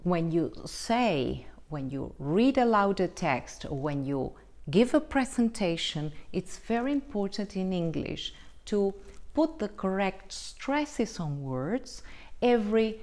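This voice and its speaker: Woman, English pronunciation teacher, unhurried, lively pitch, careful explanations, checks in with viewers. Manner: slow, deliberate, explanatory with frequent checks like "right?". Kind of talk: online English lesson.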